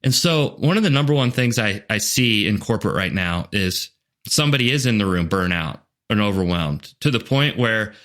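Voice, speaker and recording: A man's voice: lowish voice, animated, moderate pace, fairly bright tone. A man speaking as a leadership coach and podcast guest, talking earnestly and acting out what other people say. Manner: earnest, storytelling, many "like" and "you know" fillers; voices quoted people in asides. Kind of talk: conversational podcast interview.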